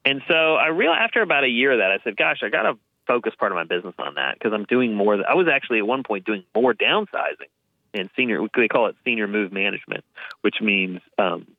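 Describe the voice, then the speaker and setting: A man's voice: fairly low pitch, fast talker, dry recording. A man, a guest on an interview show, casually telling stories about helping families downsize and acting out the people in them. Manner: lively storyteller, acts out quoted voices, says "man" and "dude". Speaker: guest, downsizing and hoarding cleanup expert. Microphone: phone line. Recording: tinny phone line, dry.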